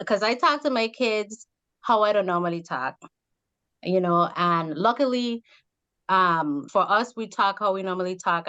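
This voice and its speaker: Animated Caribbean woman host. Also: mid-range voice, dull audio. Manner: animated storyteller, laughs often. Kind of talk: casual interview chat.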